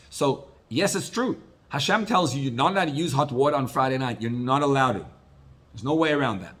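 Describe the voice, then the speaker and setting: A rabbi giving a Torah class, retelling stories with animated swings between loud and soft. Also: male voice, mid-range voice. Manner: storytelling, animated rises and drops in loudness.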